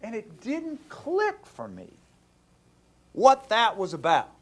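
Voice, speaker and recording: A man hosting a talk show, telling a story to a caller in a casual, animated way and acting out the dialogue. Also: high voice, slow pace, breathy edge.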